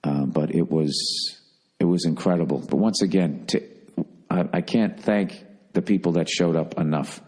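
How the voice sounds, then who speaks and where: A man's voice: low-pitched, normal speed, a little mellow, husky. A man hosting a podcast, telling a story in a casual, profane, emphatic monologue. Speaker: podcast host.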